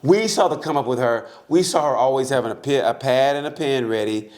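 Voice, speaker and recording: A man in the middle of a relaxed podcast chat, at an ordinary pitch for his sex. He swears freely and tells his story in bursts, animated and quick to get carried away. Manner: profane, animated storyteller, breaks into laughter while recounting. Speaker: podcast co-host.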